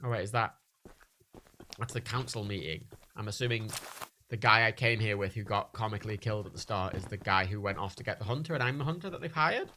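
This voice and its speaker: A man's voice: on the low side, quick pace, pushed and bright, a little hiss or hum. A man chatting casually and jokily while he plays through a video game on a livestream. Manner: chatty, sweary, jokey. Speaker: gaming livestreamer.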